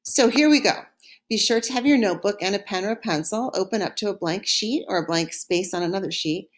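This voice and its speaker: In a recorded French lesson, a medium-pitched woman models each word slowly and distinctly for her listeners to echo back.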